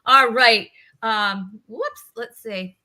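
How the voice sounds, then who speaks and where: A bubbly woman hosts a casual live-stream show, chatty and quick to laugh. Her voice is very bright and sits a little high. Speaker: talk show host.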